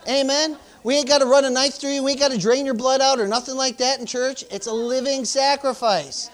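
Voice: high voice, steady tone, brisk. A pastor, preaching informally, peppering talk with "praise the Lord" and "hallelujah," and urging the congregation emphatically. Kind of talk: sermon.

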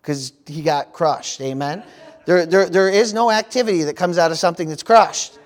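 A man's voice: on the high side, moderate pace. A middle-aged man from the United States preaching a sermon as pastor, peppering his talk with "praise the Lord" and "amen.".

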